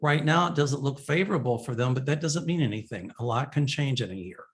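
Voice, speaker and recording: A man's voice: medium pitch, lively intonation, fairly quick. A man hosting a psychic show, answering viewer questions in a rambling, casual monologue full of fillers.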